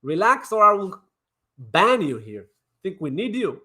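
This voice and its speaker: A man's voice: high-pitched, big pitch swings, normal speed, pushed and bright. Brash mocking crypto streamer man. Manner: brash, mocking, swears, lots of repetition. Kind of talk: casual livestream commentary.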